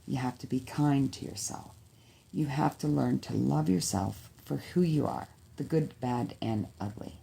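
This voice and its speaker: A woman speaking to her viewers in a heartfelt personal vlog, her voice gravelly with heavy fry. Her tone is dark and mellow. She pleads and repeats her appeals, emotional and close to tears. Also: a bass voice. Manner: heartfelt, pleading, repetitive exhortations. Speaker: vlogger.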